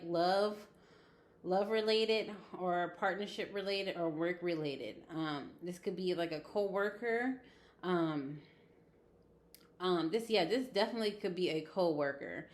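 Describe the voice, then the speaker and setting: A woman's voice: on the low side, slow pace. A woman giving a casual tarot reading, chatty and blunt, with frequent laughs and swearing. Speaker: tarot reader.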